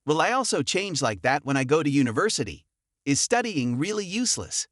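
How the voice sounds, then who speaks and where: A man's voice: fairly high pitch, sing-song, a little fast, a bit bright, no echo, clean studio sound. A man voicing a timid young woman who speaks nervously.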